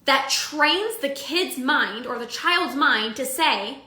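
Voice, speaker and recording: A woman's voice: high voice, lively intonation, slow, hardly any pauses, bright, forceful tone, reverberant. A young woman coaching her audience in a casual live-streamed talk, chatty with filler likes and everyday analogies. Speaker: binge eating coach.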